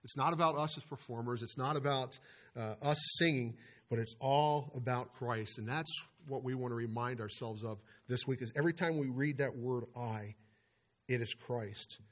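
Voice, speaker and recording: A man's voice: medium pitch, a bit bright. A man preaching a sermon to his church, over a microphone, stressing single words hard and then dropping his voice, with frequent restarts. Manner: preaching with emphatic stresses and pauses, many restarts. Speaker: pastor. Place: church sanctuary. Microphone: microphone over a speaker system.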